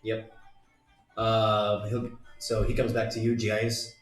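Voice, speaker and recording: A man acting as game master, narrating a tabletop game in a relaxed, halting way. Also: fairly low pitch, recorded from a distance. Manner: relaxed, halting, lots of restarts. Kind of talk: running a tabletop game, narrating and voicing merchants. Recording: roomy echo from off the mic, faint music.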